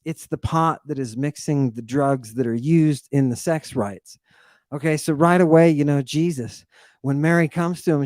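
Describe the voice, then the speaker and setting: This theatrical, slangy lecturer covers ancient texts on a livestream, doubling up his exclamations to stress them. His pitch runs a bit high, with no room sound in the recording.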